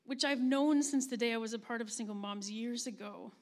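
A woman giving a heartfelt spoken testimony as a camp ministry leader, earnest and gentle, with pauses as she tells a story. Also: a little high. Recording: long reverb of a large room.

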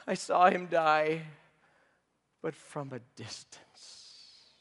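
A man playing the disciple Peter in a dramatic first-person monologue, anguished, swinging between urgent outbursts and hushed confession. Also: fairly high pitch, extremely slow, exaggerated voice. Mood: grieving. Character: remorseful male disciple Peter, grown man haunted by guilt. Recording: long reverb of a large hall.

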